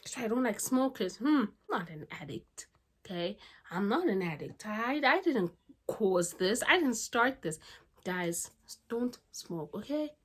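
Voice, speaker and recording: A woman book vlogger talking casually to her camera at home, chatty and animated, with asides and rants. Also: on the high side, unhurried, slightly rough. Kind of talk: casual chat.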